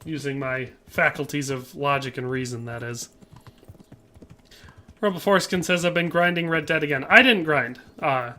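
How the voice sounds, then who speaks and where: A man streams a game and chats casually, reading viewer comments aloud and answering with playful jokes. His mid-range voice sounds pushed and bright, moving at a moderate pace with long pauses over slight background noise.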